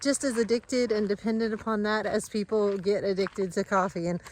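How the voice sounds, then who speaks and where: A woman talks to her vlog audience as she walks outdoors. Her voice sits at an ordinary pitch, and her speech rambles with fillers and restarts. Faint outdoor ambience runs beneath her. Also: fairly even intonation, normal speed, a little hiss or hum. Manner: rambling, warm, talks to her animals and viewers. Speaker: vlogger on a family farm channel. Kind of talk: casual vlog chat. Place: outdoors on a rural driveway and yard.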